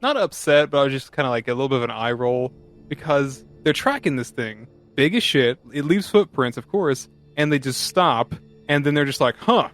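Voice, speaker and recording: Brief: male podcast co-host, mid-pitched, loose rambling critique with lots of "like". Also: big pitch swings, moderate pace, a bit bright, faint music behind. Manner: rambling, filler-heavy, laid-back critique. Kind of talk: casual movie review chat.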